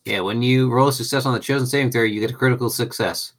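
A woman playing a tabletop game, loud and joking and swearing freely. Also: extremely low pitch, fairly even intonation, fast. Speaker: player. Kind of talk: casual tabletop game play.

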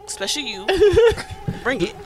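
A woman's voice: medium pitch, normal speed, crowd noise. A woman guest on a casual podcast chat, outspoken and assertive, often laughing as she holds her own.

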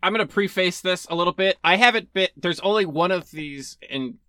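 A man's voice: high voice, a little fast, bright, forceful tone, dry recording, clean studio sound. A young man co-hosting a podcast in casual, opinionated chat, rambling with restarts. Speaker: podcast co-host.

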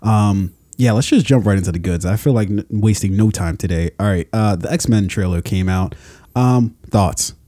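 Chill podcast host guy, kinda low dark voice, laughs a lot. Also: moderate pace, dry recording, studio quality. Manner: laid-back, laughs often. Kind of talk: casual chat.

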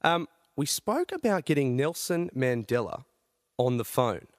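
Upbeat radio host. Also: male voice, mid-range voice, sing-song, measured pace, no echo, studio quality. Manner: upbeat, keeps laughing through the bit. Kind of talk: live radio bit.

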